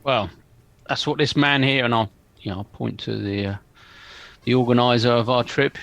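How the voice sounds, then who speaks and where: Gravelly man playing a tabletop game. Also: medium pitch, fairly bright tone, dry recording. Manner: hesitant, polite, with pauses and fillers. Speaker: player. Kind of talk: in-character tabletop play.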